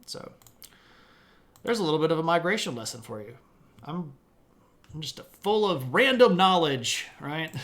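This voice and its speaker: A man's voice: a little high, big pitch swings, normal speed, pauses often, fairly bright tone. A man hosting a live-streamed history lecture from home, talking in a casual, chatty way with self-deprecating asides.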